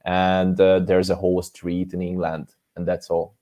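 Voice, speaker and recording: Deep-voiced Hungarian man, halting. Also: monotone, dark tone. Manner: hesitant, many fillers and restarts. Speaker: co-host. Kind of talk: casual sports chat.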